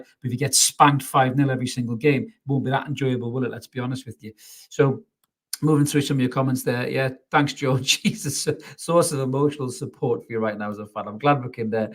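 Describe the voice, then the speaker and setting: A man hosting a live football reaction stream, ranting bluntly, swearing and reading out viewer comments. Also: mid-range voice. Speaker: football fan channel host. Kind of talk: live match reaction rant.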